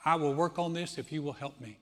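Man, pastor, sermon, animated storytelling, slightly high voice, long hall reverb. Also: brisk.

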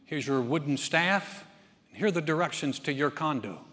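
A man doing a calm, matter-of-fact angel at heaven's gate, dry delivery, fairly high voice, ringing church reverb. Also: normal speed. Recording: long reverb of a church hall.

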